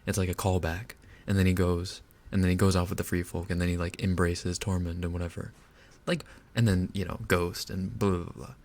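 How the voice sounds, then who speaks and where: A man's voice: deep voice, level tone, a little fast, a little mellow. A man streaming live, ranting casually and with exasperation, swearing and laughing as he goes. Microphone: binaural dummy-head mic.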